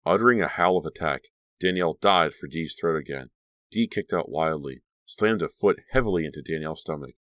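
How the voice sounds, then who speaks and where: A man's voice: very deep voice, fairly quick, fairly bright tone, no room sound, studio quality. A man narrating a horror audiobook with an intense, vivid reading.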